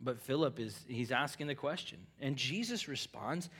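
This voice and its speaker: A middle-aged man preaching a sermon, moving between quiet conversational asides and loud emphatic peaks, often acting out quoted lines in everyday voices. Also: mid-range voice, expressive, normal speed, hardly any pauses, husky. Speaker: pastor.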